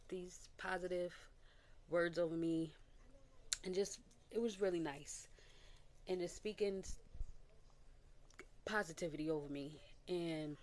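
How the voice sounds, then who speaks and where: A young adult woman sharing a candid personal testimony as a casual vlog, talking animatedly and acting out what people said. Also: sits low. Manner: candid and animated, with quoted voices and little laughs. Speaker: vlogger.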